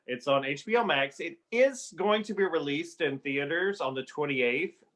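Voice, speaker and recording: A man's voice: a little high, lively intonation, normal speed, a bit bright. Chatty opinionated man, light voice. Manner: chatty, opinionated, filler-heavy. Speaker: podcast host. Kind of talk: casual chat.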